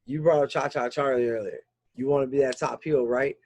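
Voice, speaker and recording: A man's voice: medium pitch, steady tone, fairly quick, a little mellow. A man hosting a podcast, in hyped, playful banter with a guest. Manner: hyped, playful, calls people "dog". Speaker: podcast host.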